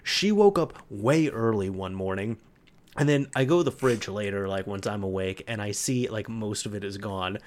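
A man hosting a casual podcast, telling stories in a chatty, animated way. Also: lowish voice, moderate pace. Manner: chatty storyteller, animated retellings. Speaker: podcast host. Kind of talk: casual chat.

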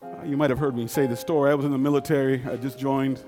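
A man's voice: medium pitch, little pitch movement, dark tone, soft background music. Folksy man telling a story in a reverberant hall. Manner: folksy, conversational, dramatic pauses. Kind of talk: live personal storytelling.

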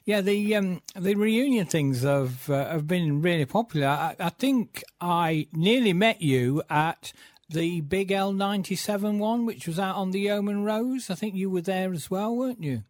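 A man hosting a casual interview, asking prompting questions in a chatty way with small hesitations. His voice sits a little high. The sound is close and dry, with no room in it. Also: moderate pace, no room sound. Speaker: podcast host, interviewer.

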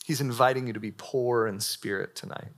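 A young adult man preaching a sermon to a live audience in a church hall, casual and animated, with frequent filler words. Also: mid-range voice, fairly quick.

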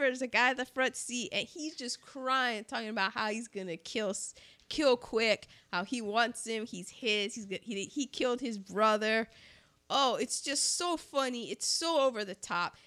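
A woman with a high, bright, ringing voice talks through a movie in a casual chat. She tells it at an unhurried pace, laughing often and stumbling over restarts as she gets excited about her favorite scenes. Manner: animated, laughs often while retelling scenes. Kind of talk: casual film discussion.

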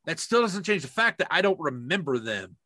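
A man co-hosting a podcast in casual, profane chat. He tells animated stories and acts out the voices in them. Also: a little high, a little fast, no echo, clean studio sound. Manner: profane, animated storytelling with big voiced quotes. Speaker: podcast co-host.

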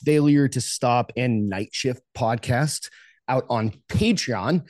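A man's voice: medium pitch, slow pace, no echo. Laid-back male podcast co-host, dry sound. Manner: relaxed and easygoing, with small restarts and fillers. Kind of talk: casual podcast chat, introducing a guest.

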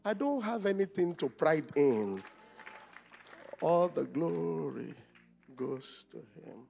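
A man's voice: a little high, expressive, slow pace, gravelly, soft background music, a faint crowd. A Nigerian male pastor preaching a conference sermon, calling out questions for the congregation to answer. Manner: call-and-response, shouting questions.

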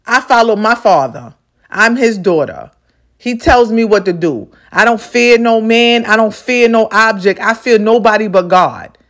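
A woman's voice: on the high side, lively intonation, unhurried. A woman hosting a podcast, giving a motivational monologue in an emphatic, repetitive, profane, preacherly way. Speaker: podcast host.

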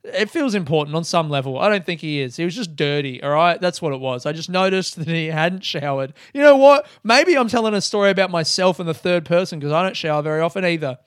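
An Australian man rambles through a casual story, swearing freely and getting animated along the way. His voice sits a bit high for a man and comes across smooth and resonant. He is recorded close and dry, with no room sound. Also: fast talker, dry recording. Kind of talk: casual solo monologue.

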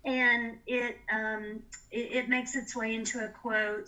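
Woman podcast co-host, bright tone, slightly high voice, heartfelt conversational delivery. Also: little pitch movement, rough recording. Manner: emotional, earnest, quick to laugh. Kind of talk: casual film discussion.

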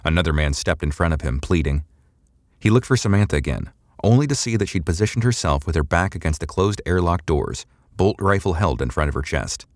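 A male narrator reading a sci-fi serial in a steady, measured way. His voice is extremely deep, and the recording is dry and close with no room sound. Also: no echo. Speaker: audiobook narrator. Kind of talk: scripted audiobook narration.

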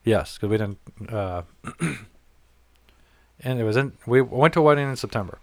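A man's voice: mid-range voice, expressive, normal speed, no room sound. A man in casual conversation, telling a long story in a rambling, self-correcting way and swearing freely.

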